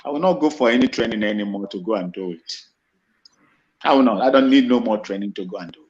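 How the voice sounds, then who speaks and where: A man's voice: lowish voice, fast, darkish tone. A man with a Nigerian accent giving an impassioned monologue, emphatic and repetitive, often restarting his phrases. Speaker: commentator. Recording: dull lo-fi recording.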